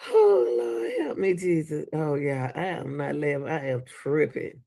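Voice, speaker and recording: A man's voice: fairly high pitch, normal speed, gravelly, darkish tone. A man with a Southern US accent, hosting a reaction video and talking casually to his viewers, laughing and exclaiming in disbelief.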